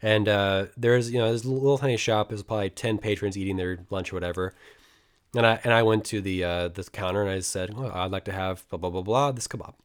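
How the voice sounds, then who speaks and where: A young American man tells a travel story in a casual, rambling way. His voice sits fairly low. He swears freely, restarts sentences often and acts out what people said. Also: fairly quick. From United States. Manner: rambling, profane, animated retelling with many restarts.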